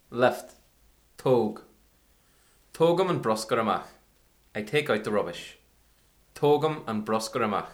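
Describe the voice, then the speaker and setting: Man reading a careful language lesson. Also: medium pitch. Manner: clear, careful repetition for learners. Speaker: language teacher.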